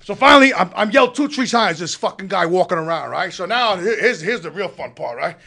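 A man telling a story in casual chat, loud and profane, often breaking into shouts, with a gravelly, raspy voice. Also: sits high, expressive, a little fast. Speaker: show regular telling a story.

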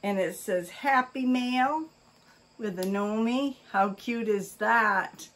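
Here an older woman vlogger takes her time, her medium-pitched voice fairly bright, as she casually talks through opening fan mail. She keeps oohing, gasping and exclaiming with delight.

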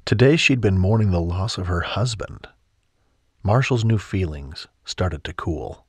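A man narrating a romance audiobook in a calm, measured and soft manner, on a close studio mic. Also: low voice, husky, no room sound. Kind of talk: scripted narration.

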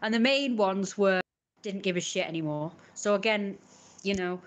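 A woman's voice: medium pitch, normal speed. A young woman streaming casually, chatting in a rambling way while she cooks and opens parcels, often stopping to correct herself. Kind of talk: casual chat.

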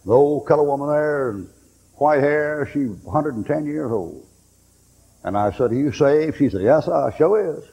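A man's voice: mid-range voice, normal speed, mellow, husky. A man preaching a sermon in a folksy storytelling way, acting out the voices in his stories. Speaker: pastor. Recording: reverberant hall recording.

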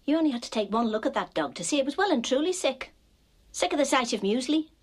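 Middle-aged housewife, sardonic film monologue, lively swooping delivery. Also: female voice, high-pitched, quick pace, slight background noise. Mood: dry asides. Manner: dry, sardonic, chatty. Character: wry, bored middle-aged Liverpool housewife.

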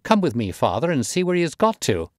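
Man voicing a hasty, dismissive young gentleman, pitched up, dry audiobook sound. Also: huge pitch swings, a little fast, dry recording. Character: brash young male squire's son. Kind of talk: audiobook reading.

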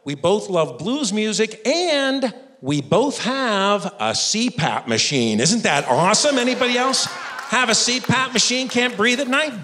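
Animated, self-mocking stand-up comedian man. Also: high voice, unhurried. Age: 50s. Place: stage before a live audience. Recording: echoey stage room with audience.

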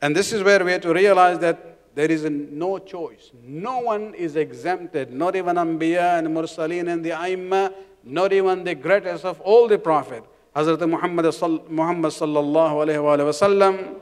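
A man's voice: on the high side, moderate pace, smooth. A man giving an explanatory religious lecture in a community centre, with frequent restarts and Arabic terms woven into his talk. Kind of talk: sermon. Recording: long hall reverb.

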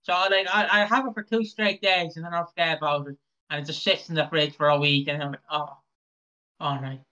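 A man's voice: fairly high pitch, fairly even intonation, a little fast, pushed and bright, clean tone. A man co-hosting a podcast, chatting casually about a soap opera in a rambling, jokey way that often stumbles over his words. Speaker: podcast co-host. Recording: dull lo-fi mic.

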